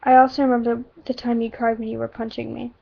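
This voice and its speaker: Quiet, hurting teen boy, read by a woman in her own high, even voice; lo-fi. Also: fast talker, vocal fry. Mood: soft. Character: troubled teenage boy, quiet and affectionate. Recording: dull lo-fi home recording.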